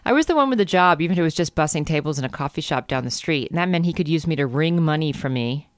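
A man's voice: fairly high pitch, expressive, quick pace, clean tone, no room sound. A man co-hosting a comedy podcast, reading a book aloud and riffing on it in a jokey, laughing way. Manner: jokey, reads passages then riffs with laughter.

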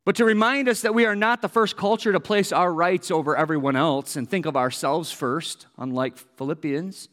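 A man's voice: mid-range voice, fairly bright tone, big-room sound. A man preaching a sermon as pastor, earnest, repeating key phrases for emphasis, with wry asides.

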